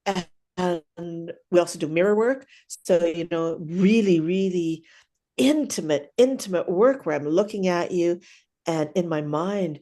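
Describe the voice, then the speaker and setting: With a fairly low, dark voice and an unhurried pace, an older clown teacher tells stories animatedly in a casual interview. She frequently ends her sentences with "right?".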